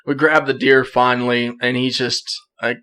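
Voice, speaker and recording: A young man on a podcast telling a story casually, acting out quotes with bursts of excitement and frequent laughs. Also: medium pitch, moderate pace, clear, resonant tone. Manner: animated, acts out quotes, laughs often. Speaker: podcast guest.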